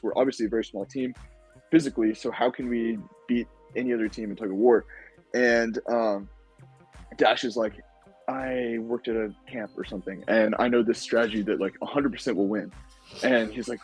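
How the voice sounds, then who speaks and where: Husky-voiced young man telling a story. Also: mid-range voice, fairly quick, faint music behind, rough recording. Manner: animated recounting with many fillers. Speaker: podcast guest, former game-show contestant. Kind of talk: casual storytelling.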